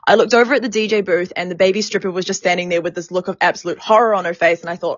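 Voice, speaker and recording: A woman's voice: medium pitch, lively intonation, fast talker, few pauses, no echo, muffled recording. A woman hosting a podcast who tells a personal story frankly and with animation, swearing freely. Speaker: podcast host and sex worker activist.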